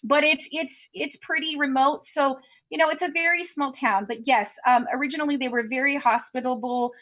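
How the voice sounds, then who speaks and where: A woman from Kentucky, a true crime podcast co-host, chatting in an interview over a video call as a lively storyteller. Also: sits high, moderate pace. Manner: chatty storyteller, acts out quoted voices. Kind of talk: casual interview chat.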